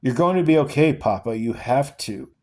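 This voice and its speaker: A man's voice: mid-range voice, normal speed, pitched above the performer's own voice, close to an everyday voice. Guy doing a scared little boy begging his dad, voice pushed up, novel read aloud. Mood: pleading. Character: frightened young boy, pleading and clinging.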